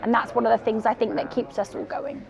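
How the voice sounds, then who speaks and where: A middle-aged woman from the UK, a guest entrepreneur, telling a story in an interview and acting out the quotes with lively energy. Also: on the high side, fast talker, creaky, some chatter behind.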